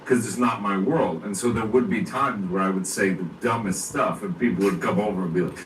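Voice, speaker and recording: A man, an actor being interviewed, chatting casually, animated and laughing often as he acts things out. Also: fairly low pitch, a little fast. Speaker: actor guest. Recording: echoey room from far off with faint noise.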